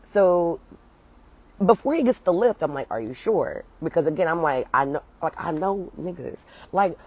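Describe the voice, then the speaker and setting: Low-voiced woman rambling on a phone livestream. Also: lively intonation, moderate pace, darkish tone, rough recording. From United States. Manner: rambling, swears a lot, breaks off to chat with viewers. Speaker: comedian. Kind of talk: casual storytelling on a phone livestream. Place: at home, partly outdoors. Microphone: phone at arm's length.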